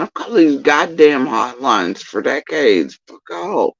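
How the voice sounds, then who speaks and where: Agitated man ranting, lively pitch. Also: slow, creaky, no room sound. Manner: agitated, profane, repeats himself. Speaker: livestreamer recounting personal events. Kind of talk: rambling livestream monologue. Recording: dull lo-fi stream audio.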